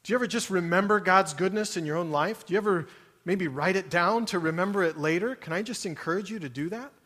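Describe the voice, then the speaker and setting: A man's voice: sits high, fast talker, a bit bright. A man preaching a sermon to his congregation. He asks many emphatic rhetorical questions. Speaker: pastor. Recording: long reverb of a large hall.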